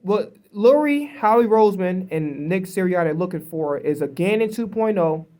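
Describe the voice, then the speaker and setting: A man's voice: sits high, lively intonation, normal speed, a little mellow. A frustrated man delivers a sports vlog rant to his own camera. He swears heavily and stays angry and emphatic, tripping over repeated restarts whenever he gets worked up. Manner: angry, profane, emphatic ranting; repetitive restarts when heated. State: upset, frustrated. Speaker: sports commentator vlogger. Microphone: self-recorded camera.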